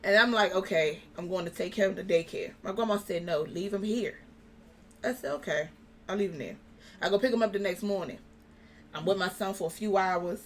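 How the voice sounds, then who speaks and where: A young woman talks through a personal story as an interview guest, voicing the lines of everyone in it with lively delivery. Her pitch sits in the middle for a woman, and a faint noise hangs under the voice. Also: fairly quick. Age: young adult. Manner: animated, acts out quoted dialogue.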